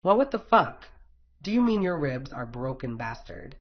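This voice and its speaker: A man's voice: mid-range voice, very animated, moderate pace. A man reading a fan story aloud, voicing a brash, swearing young woman ninja fighter in a blunt, teasing way. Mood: exasperated. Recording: dull lo-fi recording.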